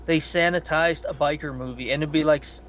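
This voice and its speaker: A man's voice: fairly high pitch, brisk, slight background noise. A man co-hosting a podcast, chatting casually and profanely about a film in a rambling way. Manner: rambling, profane, animated storytelling. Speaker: podcast co-host. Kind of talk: casual film review chat.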